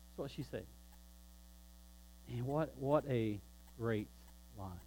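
A pastor preaching a sermon, emphatic and shifting between loud preaching and quiet, low asides. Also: male voice, expressive, slow, long pauses, low-quality recording.

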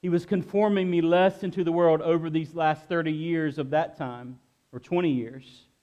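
A middle-aged man preaching a sermon, sharing a personal testimony in an earnest way, often halting and repeating himself. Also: on the high side, fairly even intonation, a little mellow, muffled recording. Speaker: pastor.

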